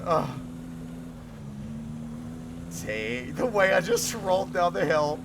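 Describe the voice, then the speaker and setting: Male streamer with a lightly raised voice. Excitable, jokey, swears freely. Desk mic with a clear car engine rumble behind. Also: takes it slowly, pauses often. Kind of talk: casual live-stream chat while gaming. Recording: constant car engine noise from the game.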